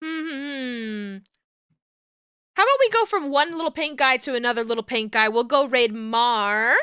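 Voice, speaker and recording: A woman streamer chatting casually with her viewers, telling stories in a giggly, animated way. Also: sits high, normal speed, smooth, no room sound, studio quality.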